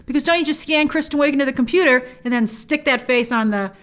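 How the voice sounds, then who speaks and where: A woman's voice: high voice, fast talker, fairly bright tone. A woman hosting a movie trailer breakdown, talking with wry, joking asides. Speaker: movie trailer reviewer host.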